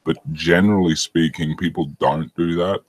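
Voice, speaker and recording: A man talks in a very deep, husky voice. He rambles in a casual chat, sprinkling in swear words. The sound is dry and close. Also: steady tone, moderate pace, no room sound, rough recording.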